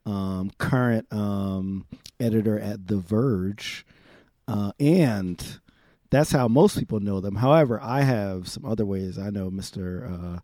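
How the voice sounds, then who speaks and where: Mellow-voiced rambling male co-host. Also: fairly low pitch, slow, no room sound. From Chicago. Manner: goofy, rambling, full of fillers. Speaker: podcast co-host. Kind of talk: casual chat.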